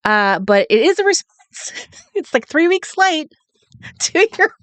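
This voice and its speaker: A woman's voice: high-pitched, very animated, slow pace, fairly bright tone, no echo. Giggly, sing-song woman livestream host. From California. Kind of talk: casual livestream chat, greeting viewers. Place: home, at night.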